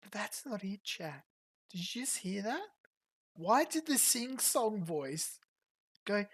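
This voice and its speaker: A woman's voice: mid-range voice, big pitch swings, breathy edge. A woman streamer giving a profane, mocking reaction commentary to a clip. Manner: profane, fast mocking rants.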